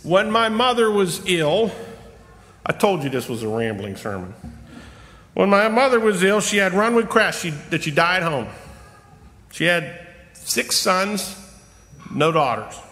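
A middle-aged man giving a rambling personal sermon in a church, humorous and self-deprecating, slowing down for emphasis. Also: high voice, sing-song, fairly bright tone. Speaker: lay preacher. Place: church sanctuary. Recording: long reverb of a church hall.

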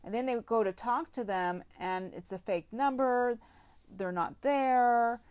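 A woman's voice: on the high side, unhurried, darkish tone, clean tone. Woman, tarot reader, casual, rambling, filler-heavy, blunt. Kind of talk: casual tarot reading to camera.

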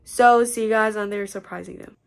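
A young woman chatting excitedly in a casual vlog, rambling with lots of fillers. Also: mid-range voice, fairly quick, creaky. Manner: excitable, rambling, frequent "so basically". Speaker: vlogger.

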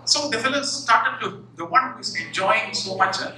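A professor talks to an audience, his high voice very bright and cutting. He tells funny stories and acts out little scenes as he goes. The sound is distant and echoey, as in a large hall. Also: normal speed, a little hiss or hum. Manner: animated, humorous storytelling, acts out little scenes. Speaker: professor giving a public talk. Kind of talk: motivational talk. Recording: echoey hall, far from the mic.

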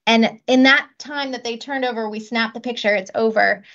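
A woman's voice: fairly high pitch, moderate pace, fairly bright tone, muffled recording. A woman in her thirties, a child life specialist, explaining practical techniques step by step in an interview. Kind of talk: podcast interview.

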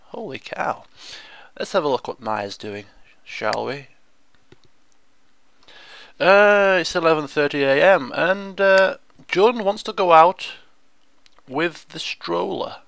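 A man giving chatty, excitable commentary on a video game, often laughing and exclaiming. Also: on the high side, creaky. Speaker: gaming video host. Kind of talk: let's play commentary.

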